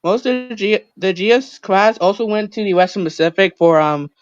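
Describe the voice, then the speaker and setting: A man with a notably high voice, chatting loosely while playing a game on stream and teasing his friend in a playful tone. The mic sounds dry and a little dull, with no room around the voice. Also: smooth, no room sound. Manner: playful, teasing, quick to break into silly voices. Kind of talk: casual gaming chat.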